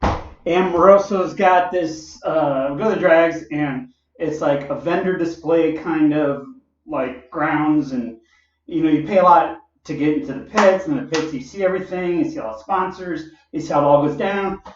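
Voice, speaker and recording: Here a man with a fairly high voice recounts something personal at normal speed, drifting off topic often and filling it with fillers, asides and laughs. Background noise is present in a roomy, distant, dull recording.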